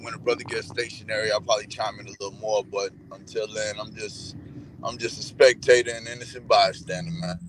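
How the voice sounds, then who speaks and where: Caller: relaxed low male voice, phoning in from a moving vehicle with road noise behind. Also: fairly quick, poor audio.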